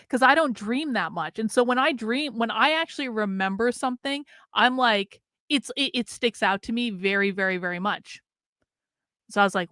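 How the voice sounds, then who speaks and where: A woman's voice: fairly high pitch, normal speed, bright, forceful tone, no echo, clean studio sound. A woman streaming a casual, candid monologue, swearing freely and laughing often, with an American accent. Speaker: streamer and commentator.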